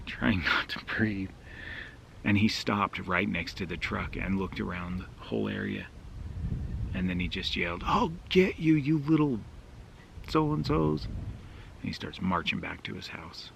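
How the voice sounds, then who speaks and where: A man's voice: deep voice, gravelly, fairly bright tone, a little hiss or hum. A man vlogging outdoors at a mountain campsite, casually telling a rambling, self-deprecating story with fillers.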